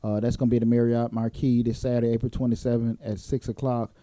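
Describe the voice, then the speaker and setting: A man's voice: mid-range voice, level tone, quick pace, mellow, no room sound. A man hosting a talk show in a casual, joking way, with plenty of fillers. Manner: laid-back, joking, lots of fillers. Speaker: host. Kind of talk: casual chat.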